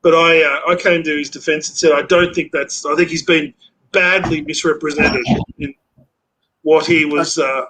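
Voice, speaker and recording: A man's voice: fairly high pitch, steady tone, normal speed, bright, forceful tone, poor audio. A man hosting a casual live-stream chat, blunt and swearing, often breaking off and restarting.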